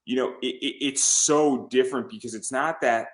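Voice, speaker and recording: In a relaxed interview on his podcast, a man talks eagerly, stumbling and repeating himself as he goes. The voice is mid-range and the speed normal.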